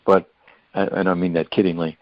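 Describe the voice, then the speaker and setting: A man's voice: sits low, level tone, brisk, dry recording. An older man, a guest in an interview, telling a rambling, folksy story. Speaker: hospice volunteer guest. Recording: dull lo-fi dry recording.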